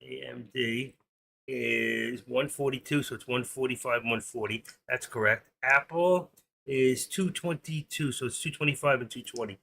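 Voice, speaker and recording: A man's voice: mid-range voice, moderate pace, sharp tone. A man in his sixties hosting a live stream, chatting in a rambling, opinionated way and reading off market numbers. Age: 60s.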